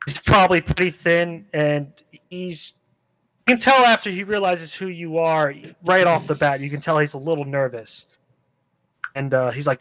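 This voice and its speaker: A man runs a tabletop game, narrating in a relaxed, rambling way and filling pauses with "uh" and "um". His voice sits a little high, and the sound is dry and close. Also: no room sound, rough recording. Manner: relaxed, rambling, many fillers. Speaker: game master.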